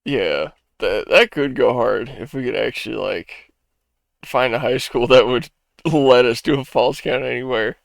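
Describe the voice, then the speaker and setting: A man's voice: mid-range voice, unhurried, vocal fry, no room sound. A man co-hosting a casual podcast, laid-back and joking, laughing in the middle of sentences. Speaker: podcast co-host.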